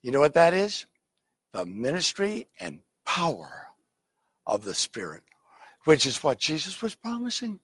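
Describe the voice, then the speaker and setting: A man preaching a teaching sermon as a pastor, animated and often checking that his listeners follow along. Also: on the high side, normal speed, husky, dry recording.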